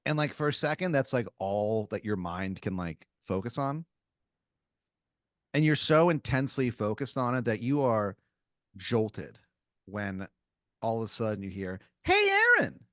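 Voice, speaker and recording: A man's voice: lowish voice, a little slow, long pauses, no room sound, studio quality. A man co-hosting a comedy podcast, spinning an improvised second-person story in a rambling way, full of fillers and restarts. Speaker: podcast co-host.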